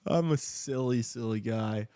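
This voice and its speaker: A man hosting a casual live talk show, reacting to a hockey game with excited outbursts and jokes. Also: medium pitch, measured pace, clear, resonant tone, dry recording, clean studio sound. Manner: excitable, shouts at big plays, joking. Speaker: podcast host watching a hockey game.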